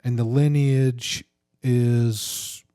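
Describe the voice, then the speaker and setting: Mellow-voiced man tossing in dry quips. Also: medium pitch, level tone, drawn-out words, smooth, no room sound. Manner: dry quips and short backchannels. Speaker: podcast co-host. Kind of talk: casual comedy chat.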